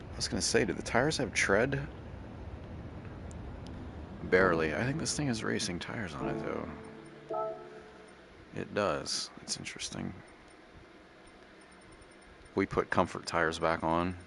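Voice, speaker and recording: A man's voice: sits low, expressive, unhurried, vocal fry, pauses often, noisy background. A man casually thinking aloud and rambling while playing a driving game. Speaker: gaming channel host. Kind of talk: casual gameplay commentary.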